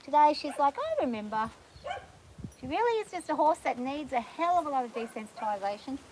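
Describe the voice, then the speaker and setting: A woman working a nervous horse on a farm, calmly coaxing the animal while explaining each step to viewers. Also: high-pitched, quick pace, rough recording. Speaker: horse trainer. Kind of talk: narrated training vlog. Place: outdoors on a farm on a windy day. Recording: outdoor recording with loud wind noise.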